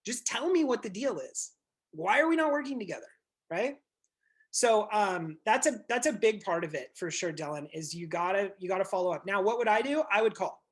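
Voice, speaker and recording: A blunt male real estate coach talking to his group over a video call. He gets animated, acts out little scenes and swears freely. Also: high-pitched, a little fast.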